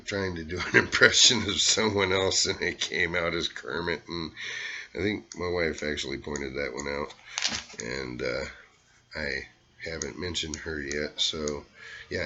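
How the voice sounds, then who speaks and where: A man's voice: extremely low pitch, pushed and bright, lo-fi sound. A middle-aged man from Arkansas with a Southern accent, rambling casually to camera with lots of fillers. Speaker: vlogger doing impressions.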